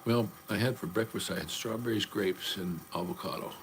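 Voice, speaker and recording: A man's voice: on the low side, a little fast, fairly bright tone, a little hiss or hum. An older man chatting casually on a livestream, rambling from topic to topic in a blunt, profane way. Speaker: livestream host.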